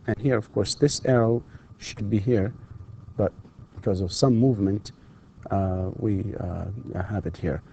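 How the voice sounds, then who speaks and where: Slow, mellow-voiced man teaching English grammar. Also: lowish voice, gravelly, highs cut off, slight background noise. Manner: patient, models example sentences with exaggerated rising intonation; slips briefly into Arabic to instruct students. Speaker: English instructor. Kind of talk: slow recorded lecture over slides. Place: university distance-learning studio.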